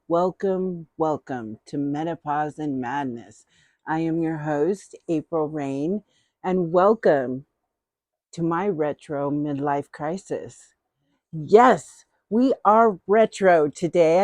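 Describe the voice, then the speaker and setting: A woman's voice: fairly low pitch, a little mellow, no echo. A middle-aged woman hosting a casual haul vlog, chatty and playful, often repeating her phrases. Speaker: host.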